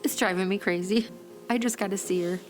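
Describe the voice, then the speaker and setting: A woman's voice: medium pitch, fairly even intonation, brisk, faint music behind. A woman, an aunt, speaking emotionally and eagerly in an interview.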